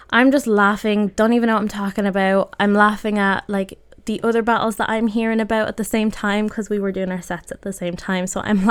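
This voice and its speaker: A woman's voice: mid-range voice, clean tone, no echo. A woman giving casual, self-mocking commentary over her own gameplay, laughing often at her mistakes. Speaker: gaming video creator. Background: background music.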